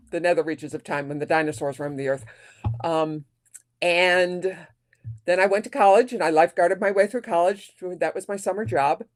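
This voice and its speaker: A woman in her fifties, an attorney guest, telling her background in a relaxed, wry way. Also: lowish voice. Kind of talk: casual interview answer.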